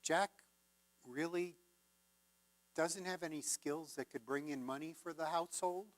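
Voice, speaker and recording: Slow-spoken male minister telling a story. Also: fairly high pitch. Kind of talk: sermon storytelling.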